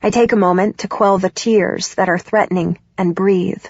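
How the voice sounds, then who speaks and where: A woman reading a novel aloud in the first person, expressive and emotional in the dialogue. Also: medium pitch, normal speed, no echo, lo-fi sound. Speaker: audiobook narrator.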